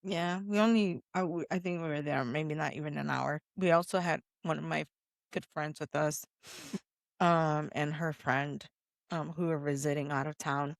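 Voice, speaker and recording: A woman co-hosting a podcast in a studio, chatting in a low-key way that is full of fillers. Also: fairly even intonation, moderate pace, creaky, no room sound. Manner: low-key, lots of "you know" and "um" fillers. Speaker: podcast co-host. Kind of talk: casual chat.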